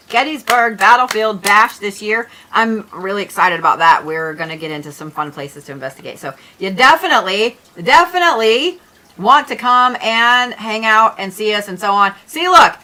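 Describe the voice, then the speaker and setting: A woman's voice: mid-range voice, pushed and bright. A young woman hosting a casual livestream, chatting in a rambling, loose way and cursing now and then. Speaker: livestream host, astrology reader.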